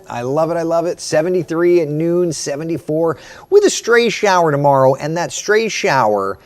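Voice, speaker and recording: A man's voice: on the high side, vocal fry. Give me a chatty male weather host reading viewer comments aloud on a live morning show. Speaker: meteorologist host. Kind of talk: casual livestream chat.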